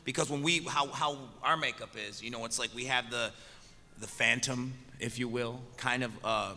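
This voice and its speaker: A man's voice: medium pitch, fairly even intonation, normal speed, pushed and bright, long reverb tail, a little hiss or hum. A man telling rowdy, profane stories on a convention panel, laughing often and talking animatedly. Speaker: panelist, musician.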